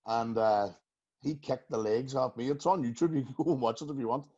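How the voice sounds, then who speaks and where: A man's voice: mid-range voice, brisk, warm tone, husky. A Northern Irish man hosting a casual podcast chat, telling stories and laughing often. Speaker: podcast host. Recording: muffled lo-fi sound.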